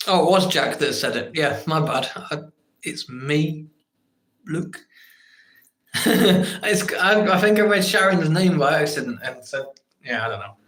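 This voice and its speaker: A man's voice: fairly high pitch, expressive, measured pace, fairly bright tone. Chatty English man in an echoey room. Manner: chatty, answers viewer comments, mock-exasperated outbursts. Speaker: livestream host. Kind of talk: casual live-stream chat. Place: at home late at night.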